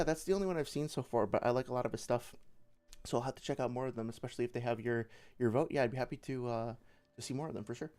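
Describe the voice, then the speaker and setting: A man's voice: mid-range voice, darkish tone. A young man giving casual livestream commentary as a debate reviewer, rambling with many fillers and restarts.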